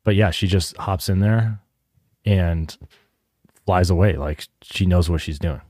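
A man's voice: low-pitched, unhurried, a little mellow, no echo, clean studio sound. A man co-hosting a podcast who chats casually about an episode, hedging his points and joking with a bit of swearing. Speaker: podcast co-host.

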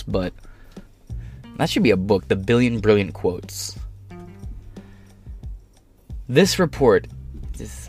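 A man from Canada, hosting a podcast and ranting bluntly with lots of swearing. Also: fairly low pitch. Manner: profane, blunt, heated. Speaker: podcast host. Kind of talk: ranting commentary.

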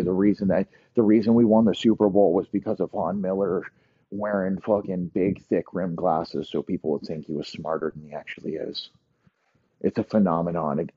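A foul-mouthed, scheming football boss, put on by a man, growling low and menacing as he swears his way through threats. The tone is husky and the recording dull and lo-fi. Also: no room sound.

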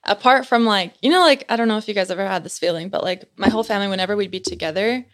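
A woman's voice: medium pitch, racing. A young woman telling a personal story in a casual chat, peppering her talk with "like" and retelling scenes with animation. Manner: chatty, heavy use of "like", animated retelling.

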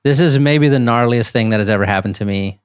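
A man in his thirties, a podcast guest, telling a casual story with animated rises into disbelief. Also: mid-range voice, fast, smooth, dry recording, clean studio sound.

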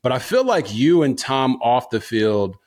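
A man's voice: medium pitch, big pitch swings, measured pace, darkish tone. A man in his thirties, a former quarterback, hosting a casual interview, talking earnestly and repeating words as he builds his questions. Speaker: podcast host, former quarterback.

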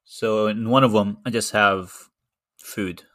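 Young man with a lowish, hesitant voice. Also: fairly even intonation, slow, a bit bright, no room sound, clean studio sound. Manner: hesitant, repeats words when starting. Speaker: podcast co-host. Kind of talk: casual chat.

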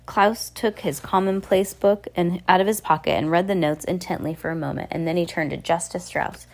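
A woman reads a novel aloud in a slightly low voice. Her reading is unpolished, with small slips and self-corrections along the way. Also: steady tone, normal speed, gravelly, few pauses, darkish tone. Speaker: reader.

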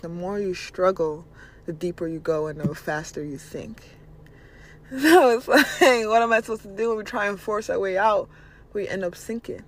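A man's voice: high-pitched, a little hiss or hum. A man hosting a podcast, giving a blunt, casual spiritual motivational monologue and swearing freely. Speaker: podcast host.

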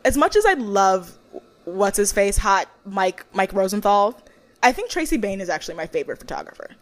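A woman's voice: mid-range voice, brisk. A young woman co-hosting a podcast, chatting casually, laughing, ranting and swearing as she recaps a reality show. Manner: animated, swears, laughs, rants, mimics voices. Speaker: podcast co-host.

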